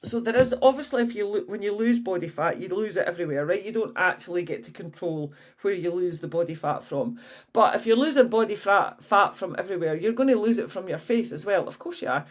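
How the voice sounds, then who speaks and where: A woman's voice: medium pitch, lively intonation, a little fast. A woman in her early fifties, a fitness coach chatting frankly and casually on her own podcast, swearing freely. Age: 50s. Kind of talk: casual solo podcast chat.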